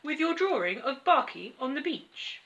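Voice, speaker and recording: A woman's voice: high voice, big pitch swings, normal speed, a bit bright, lo-fi sound, slight background noise, voice pushed up, heavily acted. A woman with an English accent reading a storybook aloud, voicing a polite, formal male chauffeur with an announcing manner.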